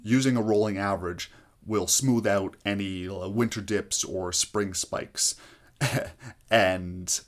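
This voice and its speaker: A man's voice: fairly low pitch, takes it slowly. A man explaining housing market math step by step, talking to viewers with frequent "uh" fillers. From Canada. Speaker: real estate agent explaining market math. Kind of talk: explainer video to camera.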